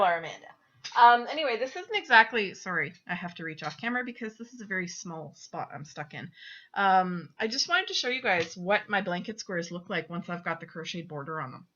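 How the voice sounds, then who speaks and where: A woman's voice: mid-range voice, bright, forceful tone. Giggly woman host doing knitting show and tell, kinda apologetic, muffled webcam sound. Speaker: podcast host. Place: small cramped spot at home. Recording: dull lo-fi webcam audio.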